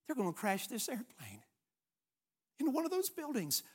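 A man delivers a sermon, and his voice sits unusually high. He preaches emphatically, swinging from hushed, quiet passages to loud, ringing ones as he reads scripture and tells stories. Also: wildly swooping pitch, normal speed, husky. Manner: dramatic storytelling, emphatic, shifts between hushed and loud.

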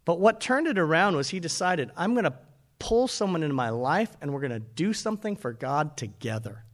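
A man preaching a sermon as pastor, animated and calling out to his congregation. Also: a little high, brisk.

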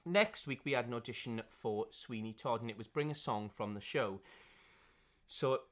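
A man's voice: mid-range voice, moderate pace. A man, an actor and podcast guest, chatting casually and telling stories with frequent laughter. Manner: chatty storyteller, laughs often. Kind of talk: casual chat. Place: caravan.

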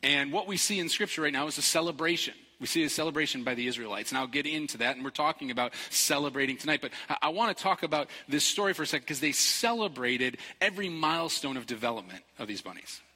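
Middle-aged man, playful pastor; very bright sound, long hall reverb. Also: fast, few pauses. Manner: playful, animated storytelling with jokes and high-pitched quoted voices. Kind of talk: casual storytelling sermon. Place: large church hall.

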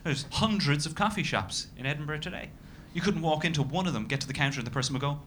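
A man in his thirties with an Irish accent, doing a stand-up comedy set in a dry, self-deprecating way with bursts of loud ranting. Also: a little high, fast talker, hardly any pauses. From Ireland. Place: comedy club stage. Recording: noisy live club recording.

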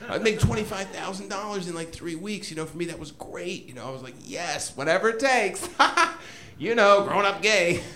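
Before a live audience, a man with a high-sitting voice tells a funny story at a moderate pace, laughing often, animated and poking fun at himself, with crowd noise around him.

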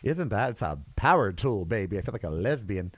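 A man's voice: lowish voice, very animated, a little fast, no room sound. A man in his sixties hosting a casual solo podcast, chatty and campy, laughing at his own stories. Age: 60s. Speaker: podcast host.

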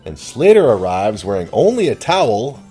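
A man's voice: fairly low pitch, sing-song, moderate pace, mellow, slightly rough, faint music behind. A man narrating a TV episode recap casually with chuckling, offhand asides.

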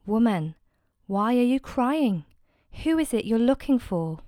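Woman reading as a gentle, patient man teacher. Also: on the high side, very animated, no room sound, studio quality, pitched above the performer's own voice. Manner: gentle, slow and tender, at times hushed. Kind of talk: dramatized scripture reading.

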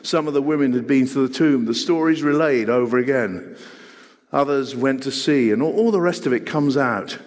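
A middle-aged man preaching a sermon, earnest and full of rhetorical questions, swinging between loud and hushed. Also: medium pitch, normal speed. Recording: long hall reverb.

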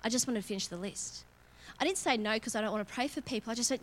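A woman's voice: fairly high pitch, quick pace, fairly bright tone. A woman preaching a candid, conversational sermon in church, self-mocking and laughing often. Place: church auditorium.

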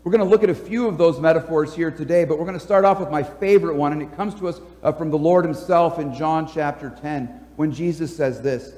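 A man's voice: on the high side, brisk, few pauses, a little mellow, big-room sound. A man preaching a sermon as pastor, talking conversationally with small fillers and restarts. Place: church sanctuary.

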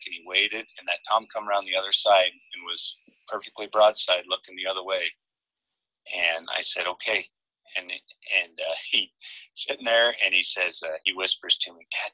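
Deep-voiced man telling a story. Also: dry recording, poor audio. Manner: animated, laughs often while telling. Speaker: podcast guest. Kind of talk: casual storytelling.

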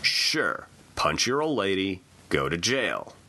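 A man's voice: low-pitched, sing-song, takes it slowly, sharp tone, pitched above the performer's own voice, heavily acted. A man voicing a blunt, easygoing male police officer who talks casually and plainly.

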